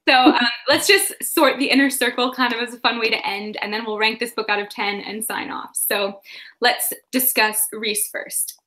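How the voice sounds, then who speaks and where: Bright, chatty young woman hosting a livestream. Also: on the high side, steady tone, moderate pace. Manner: chatty, laughing, many fillers. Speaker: livestream host. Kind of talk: casual book chat.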